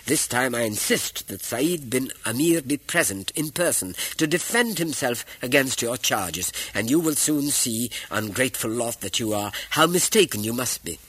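A man voicing a stern, devout caliph who speaks with firm authority and a husky tone. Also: a little high, huge pitch swings, normal speed, sharp tone, no echo, pitched above the performer's own voice, full character voice, poor audio. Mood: scolding. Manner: commanding, scolding.

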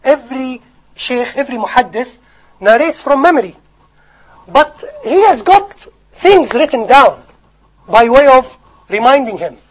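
A man giving a sermon, telling stories in an animated, joking way to his audience. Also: very high-pitched, poor audio. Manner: animated storytelling with jokes. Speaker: Islamic preacher.

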